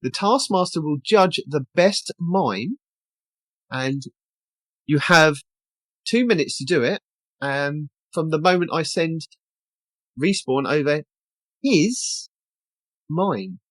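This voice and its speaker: A podcast host casually chatting and reading out game tasks in a brisk way. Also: medium pitch, expressive, no room sound.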